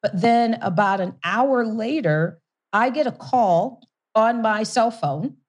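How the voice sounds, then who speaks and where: Taking her time, a middle-aged whiskey company founder and investor shares her story in an interview, full of energy, frequent laughter and restarted sentences. Her voice is fairly high and expressive.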